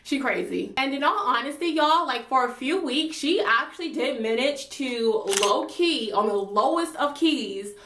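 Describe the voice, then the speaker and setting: Young woman, slangy animated storytelling, higher voice, roomy echo. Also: unhurried, hardly any pauses, background noise. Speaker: vlogger. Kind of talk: storytime chat.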